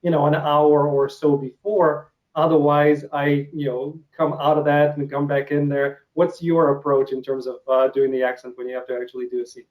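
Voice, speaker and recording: A man's voice: a little high, level tone, normal speed, few pauses, phone-quality sound. A man from Ukraine with a Russian accent, hosting an interview in a casual, hesitant way with many uh fillers. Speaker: interview host.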